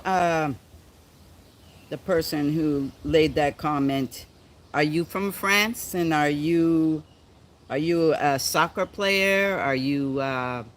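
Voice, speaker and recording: A man from the United States hosting a casual livestream chat, reading viewer comments slowly and halting often, with a playful, theatrical, diva-like manner. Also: a little high, fairly bright tone. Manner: slow and halting when reading comments, many ums. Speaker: livestream host.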